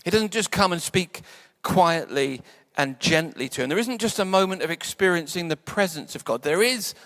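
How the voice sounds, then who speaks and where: Man, pastor, sermon, higher voice, chatty and playful, soft quiet moments, church hall reverb. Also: animated, moderate pace. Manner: conversational, playful asides, drops to soft quiet tones. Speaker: preacher.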